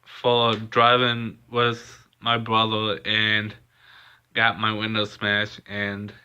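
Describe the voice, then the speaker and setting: A young man vlogging a personal story in a casual, halting way, with lots of pauses and fillers. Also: lowish voice, completely flat delivery, bright, forceful tone, clean tone. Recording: dull lo-fi recording.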